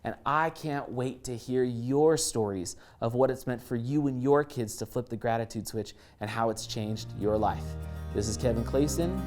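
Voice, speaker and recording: A man's voice: mid-range voice, normal speed, darkish tone, soft background music. A man in his thirties presenting a motivational parenting lesson in an upbeat, encouraging and direct way. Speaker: course presenter and speaker.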